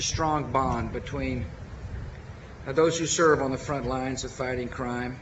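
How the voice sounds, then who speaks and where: A man with a Texan accent speaks at a solemn outdoor ceremony, earnest and measured, pausing deliberately between phrases. His voice sits at an ordinary middle pitch. The archival recording is slightly muffled, with a faint hiss behind it. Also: fairly even intonation, a bit bright. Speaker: president giving a memorial speech. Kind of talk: formal ceremonial speech.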